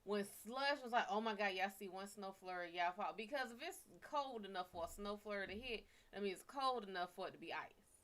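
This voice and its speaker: A woman's voice: mid-range voice, lively intonation, brisk, fairly bright tone. A woman from the American South, chatting casually and profanely with viewers on a live stream. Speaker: live stream psychic reader.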